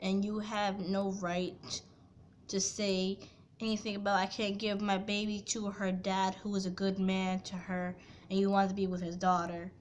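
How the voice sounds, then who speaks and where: A young woman in her late teens telling an upset personal story in a rambling casual way, swinging from quiet to loud and angry. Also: mid-range voice, flat delivery, moderate pace, a little hiss or hum. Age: young adult.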